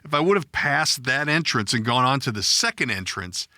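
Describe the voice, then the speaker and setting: Middle-aged male podcast host, profane self-deprecating storyteller, bright tone, dry booth. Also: medium pitch, lively intonation, moderate pace, no echo. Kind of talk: casual storytelling chat.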